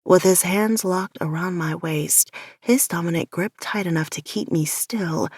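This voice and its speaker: A woman narrating an audiobook in the first person with a measured, softly intimate delivery. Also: lowish voice, husky, no room sound, clean studio sound.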